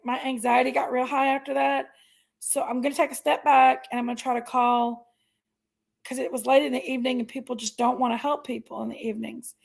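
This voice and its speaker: A woman's voice: high voice, creaky. A woman, chatting casually on a livestream and telling a story. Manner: chatty storytelling, venting, thanks viewers. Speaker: livestream host.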